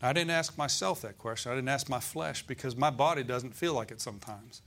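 A man preaching a sermon as pastor, calling out to the congregation and slowing down to stress scripture verses. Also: medium pitch, fairly bright tone. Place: church.

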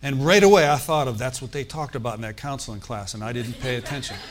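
A man pastor telling a story in a sermon, animated, with asides and quoted dialogue. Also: mid-range voice, quick pace, very noisy.

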